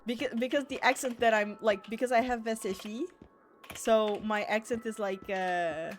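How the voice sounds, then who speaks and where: A woman's voice: on the high side, moderate pace, faint music behind. Giggly woman streamer, American accent. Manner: giggly and excitable, easily startled. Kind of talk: casual chat while gaming.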